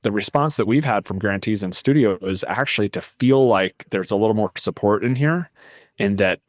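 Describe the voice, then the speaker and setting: A man talking as a podcast guest, animated and rambling, often cutting himself off to restart a thought. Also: on the low side, normal speed, dry recording, studio quality. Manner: animated, rambling, self-interrupting. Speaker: guest, nonprofit founder. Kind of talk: casual podcast conversation.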